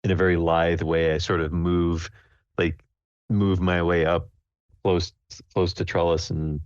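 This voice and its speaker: A low-voiced man describing his character's actions at a tabletop game, slow and halting with lots of fillers. The audio sounds dull and muffled, and the room is dry. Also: little pitch movement, a little mellow, clean tone, dry recording. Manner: hesitant, full of "like" and "um". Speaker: player.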